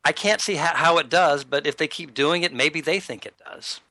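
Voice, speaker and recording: A man's voice: fairly high pitch, normal speed, sharp tone, no echo. A man co-hosting a talk radio show, dry and sarcastic, with frequent hesitations. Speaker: radio co-host.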